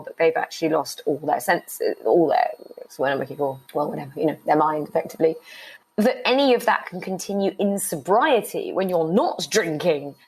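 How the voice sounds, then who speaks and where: A woman's voice: deep voice, husky, rough recording. A middle-aged woman speaking candidly as an interview guest about a painful relationship, at times close to tears. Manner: emotional, voice breaking toward tears. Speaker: guest, writer.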